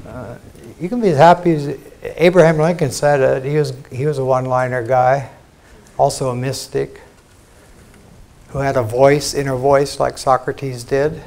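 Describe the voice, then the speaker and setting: Older American male teacher, plainspoken spiritual lecture, mid-pitched voice, blunt asides. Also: steady tone, moderate pace, gravelly, darkish tone. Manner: frank, conversational, salty asides and mock quotes. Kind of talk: informal spiritual talk to an audience. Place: lecture hall.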